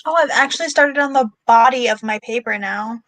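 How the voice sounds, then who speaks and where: A woman's voice: a little high, brisk, a bit bright, dry recording, rough recording. A young woman chatting casually during a writing sprint, laid-back and filling her speech with "like". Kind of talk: casual chat.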